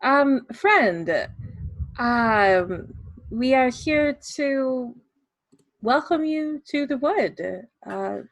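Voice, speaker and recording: A woman's voice: sits high, animated, extremely slow, dry recording, low-quality recording. A woman playing a tabletop game, speaking casually with a wry tone. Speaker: player. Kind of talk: tabletop role-play.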